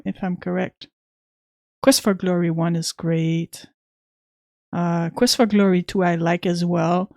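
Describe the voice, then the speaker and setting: A woman's voice: lowish voice, a little mellow, no echo, clean studio sound. A woman chatting casually with viewers while streaming an old computer game, reading its text aloud now and then.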